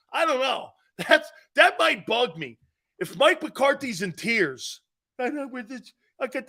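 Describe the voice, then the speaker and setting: A man hosting a sports talk show, loud and jokey, often breaking into laughter. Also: high voice.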